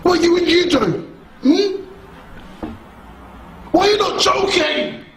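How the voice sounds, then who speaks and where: A man playing a high, indignant trophy-obsessed guy. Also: lively intonation, slow, slight background noise, exaggerated voice. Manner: indignant, badgering, repeats himself. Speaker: contestant in a mock dinner-party show. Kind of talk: improvised mockumentary acting. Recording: echoey room with loud music.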